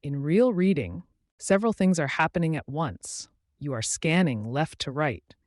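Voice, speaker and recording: Guy reading a teaching book, slightly high voice, careful steady phrasing, dry close sound. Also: dry recording. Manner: measured, deliberate delivery in short phrases. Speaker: audiobook reader. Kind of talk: scripted instructional narration.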